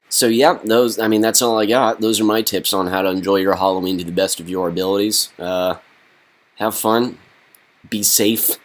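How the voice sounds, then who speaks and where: A young man delivering a deadpan comedy monologue, halting and full of fillers. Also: fairly low pitch. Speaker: comedy vlogger.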